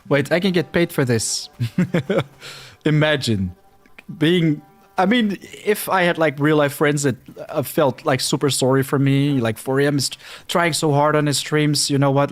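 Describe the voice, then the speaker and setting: A young man with a Flemish accent, Dutch-speaking, chatting casually and self-deprecatingly with his viewers while playing a game. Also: mid-range voice. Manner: rambling, self-deprecating, talks to chat. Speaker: streamer. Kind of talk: casual livestream chat over gameplay.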